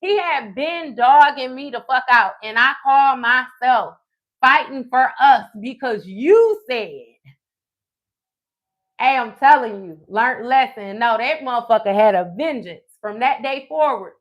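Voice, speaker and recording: A woman tells a personal story in a live stream, animated and profane, often checking in with "okay?". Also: fairly high pitch, normal speed, hardly any pauses, dull audio. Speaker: tarot reader.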